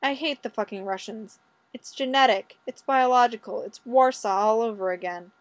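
A woman's voice: on the high side, moderate pace, lightly acted. Woman reading as a brash, foul-mouthed male cop. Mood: irritated. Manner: blunt, swearing, sarcastic. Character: brash, short-tempered male Chicago cop.

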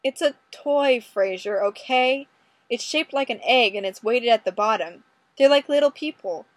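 A woman's voice: fairly high pitch, moderate pace, dry recording, lightly acted. A woman reading a brash male detective. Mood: exasperated. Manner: blunt, exasperated, insistent.

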